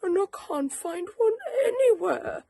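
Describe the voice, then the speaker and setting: A man's voice: extremely high pitch, lively intonation, a little slow, gravelly, mellow, no room sound, studio quality, voice pushed up, exaggerated voice. A woman voicing a young male brown bear who longs for a hug, in a plaintive, eager storybook voice. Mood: pleading. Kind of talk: storybook reading.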